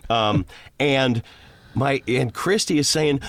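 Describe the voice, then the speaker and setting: Low-voiced man telling long stories. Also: moderate pace, no room sound. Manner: rambling, animated, jumps into character voices. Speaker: voice actor. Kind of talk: storytelling interview guest.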